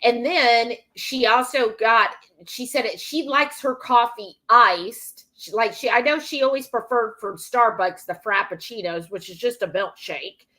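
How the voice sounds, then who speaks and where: A woman's voice: fairly high pitch, measured pace, few pauses, pushed and bright. A chatty woman co-hosting a live cooking stream, her voice sitting a little above the usual female range. She rambles through stories in easy, unscripted talk, stacking up "like" and "I said" as she goes. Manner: chatty storyteller who acts out quoted dialogue. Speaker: livestream cooking show co-host. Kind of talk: casual chat.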